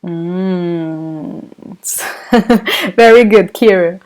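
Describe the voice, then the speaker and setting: A woman's voice: fairly low pitch, extremely slow, a little mellow. A Brazilian woman with a Brazilian Portuguese accent, a native Portuguese speaker teaching a live online language lesson, encouraging her students and often laughing as she reads out their comments.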